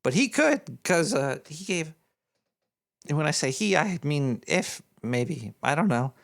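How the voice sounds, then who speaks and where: A man's exaggerated portrayal of a paranoid male cartoon rat radio host is a little high and a bit bright, with vocal fry, very animated yet a little slow. He reads donations while rambling scatterbrained in live-stream fashion, adding jokey asides.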